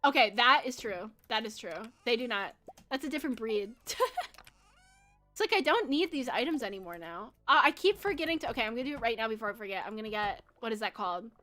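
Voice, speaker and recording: A woman's voice: on the high side, animated, quick pace, bright, forceful tone. A young American woman streaming a game, chatting with viewers in a bubbly way and giggling often. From United States. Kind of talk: casual live-stream chat while gaming.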